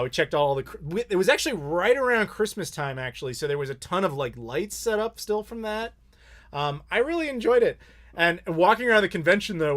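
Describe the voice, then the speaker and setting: An American man from Chicago hosting a casual live chat, telling rambling, animated stories with laughs and the odd swear. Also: fairly high pitch. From Chicago, United States. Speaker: YouTube host answering live questions.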